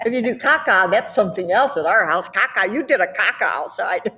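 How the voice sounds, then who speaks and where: A woman's voice: medium pitch, lively intonation, moderate pace, fairly bright tone, slight background noise. A woman with a Southern US accent, chatting casually and animatedly about accents, laughing often. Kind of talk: casual chat.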